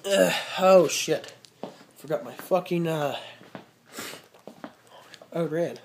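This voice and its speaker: A vlogger rambling casually at home and in the backyard, swearing constantly, with drawn-out fillers, filmed on a handheld camera. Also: medium pitch, a little mellow, a little hiss or hum. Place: home and backyard, walking around.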